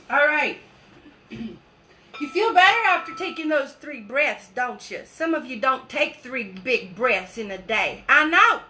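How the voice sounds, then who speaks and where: A woman coach running a live online workshop. She chats casually, laughs often, speeds up when excited, and slows down to lead guided breathing. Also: fairly high pitch, slight background noise. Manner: leads slow guided breathing. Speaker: wellness coach.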